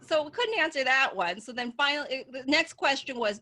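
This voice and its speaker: A woman comedian telling stories in a stand-up set over a video call, animated and laughing at her own jokes. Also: high voice, fairly quick. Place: at home.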